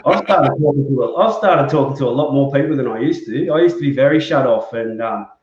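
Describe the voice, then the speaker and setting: A man's voice: mid-range voice, lively intonation, fairly quick, a little mellow. A man hosting a casual chat show, speaking in a hesitant way full of fillers. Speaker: host. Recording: roomy, dull lo-fi sound.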